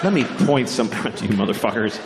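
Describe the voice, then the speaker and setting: A man's voice: on the low side, animated, fast talker, echoey room, noisy background. Profane sarcastic male stand-up comedian. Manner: profane, sarcastic rants with mock outrage.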